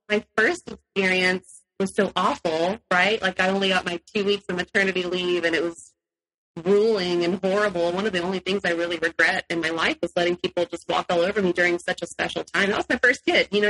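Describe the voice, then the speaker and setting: A woman's voice: lowish voice, fairly quick, poor audio. A woman guest in an interview, telling her personal story animatedly and acting out what people said. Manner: animated, acts out quotes, laughs often.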